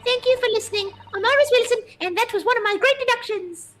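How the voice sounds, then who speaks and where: A woman's voice: very high-pitched, fast talker, fairly bright tone. A woman voicing a precocious, smug young girl detective, reading her lines in a chirpy game voice.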